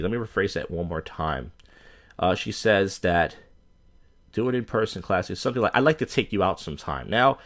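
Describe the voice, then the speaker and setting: A man's voice: lowish voice, a bit bright. A man, an open mic comedian, ranting to camera in a crude, rambling way, swearing constantly and full of fillers and restarts. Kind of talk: profane rambling rant to camera.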